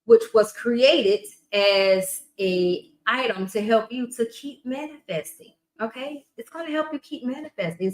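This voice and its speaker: A woman podcast coach talking casually to her viewers, chatty and emphatic, with quiet asides. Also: on the high side, echoey room, poor audio. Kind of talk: casual promotional talk to camera.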